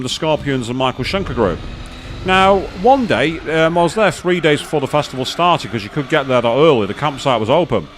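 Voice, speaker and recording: Man, slightly high voice, rambling live gameplay chat, self-deprecating, faint background hiss. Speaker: gaming streamer.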